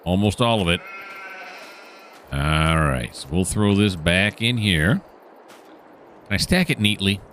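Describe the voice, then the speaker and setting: A man's voice: low voice, very animated, unhurried, pauses often, a bit bright, a little hiss or hum. A middle-aged man, commenting casually on a farming game and talking to the animals as he plays. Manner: rambling self-talk, chatting to the game animals. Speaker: gaming channel host.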